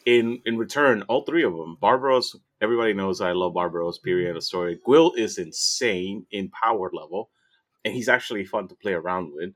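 A man's voice: low-pitched, brisk, a bit bright. A man co-hosting a podcast, chatting casually and enthusiastically about a tabletop game, often restarting his words. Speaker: podcast co-host. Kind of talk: casual game recap chat.

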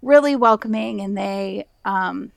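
A woman's voice: medium pitch, a little slow, creaky. A young woman from the United States, a pastor, telling her story in a chatty podcast interview with lots of fillers and laughter. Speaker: guest pastor.

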